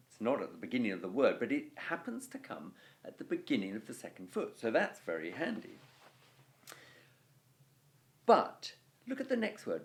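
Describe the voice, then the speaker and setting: A man gives a casual video lesson on Latin verse. His voice rides up and down with animated, lively intonation. He keeps it conversational, peppered with "okay" and "you know". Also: medium pitch, creaky. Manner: chatty explaining with frequent "okay" and "you know". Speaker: Latin teacher.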